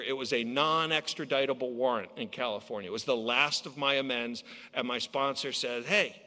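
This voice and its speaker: A man tells his recovery story to a conference crowd, acting out the voices of the people in it. His voice is bright and forceful. The sound rings with the long reverb of a large hall. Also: medium pitch. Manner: storytelling, acts out quoted voices. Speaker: AA speaker.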